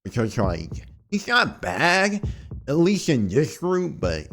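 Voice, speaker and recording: A man's voice: on the high side, wildly swooping pitch, slow, fairly bright tone, a little hiss or hum. Slangy, mocking young man. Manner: mocking slang-heavy banter. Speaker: let's play streamer. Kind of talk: casual commentary over a game.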